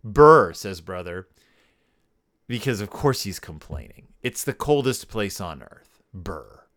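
A man's voice: deep voice, animated, a little slow. A man hosting a podcast and giving a comedic, sarcastic review of a picture book, with wry rambling asides. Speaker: podcast host.

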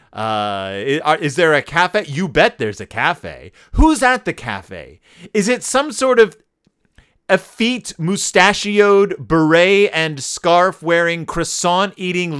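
A man's voice: on the high side, fairly bright tone, clean tone. A man hosting a podcast, reviewing a children's book in a sarcastic, joking monologue, sometimes slipping into mock accents. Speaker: podcast host.

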